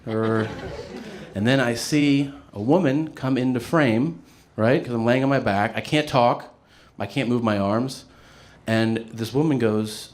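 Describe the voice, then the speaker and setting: A man doing stand-up, telling a story in a lively, profane way and laughing as he goes. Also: medium pitch, measured pace. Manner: animated, profane, laughing through his story. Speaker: stand-up comedian.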